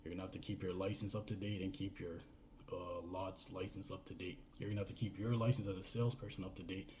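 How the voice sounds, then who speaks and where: Man, low mellow voice, rambling casual advice, faint hiss behind. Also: steady tone, quick pace. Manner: rambling, repeats "right?" and "you know". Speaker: business coach.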